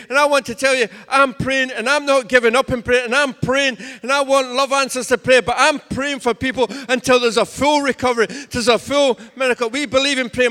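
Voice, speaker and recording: High, bright-voiced preacher. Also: male voice. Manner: emphatic, repetitive declarations. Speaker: pastor. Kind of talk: sermon. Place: church. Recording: echoey church hall.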